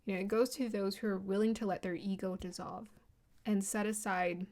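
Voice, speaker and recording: A woman of middle pitch gives a relaxed card reading, her speech gentle and unhurried. She talks in a flowing, spiritual manner and drifts into soft laughter at times. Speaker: tarot card reader. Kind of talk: casual spoken card reading.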